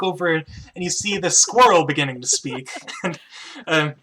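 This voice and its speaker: A man's voice: sits high, normal speed, pushed and bright. A man narrating as game master of a tabletop game, describing scenes with fillers and chuckles.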